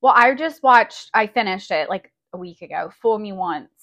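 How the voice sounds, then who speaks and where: A woman's voice: medium pitch, expressive, normal speed, fairly bright tone, lo-fi sound. A young adult woman co-hosting a casual podcast chat, talkative and easygoing, recorded on a phone. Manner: chatty, many "like" fillers, laughs. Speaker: podcast co-host.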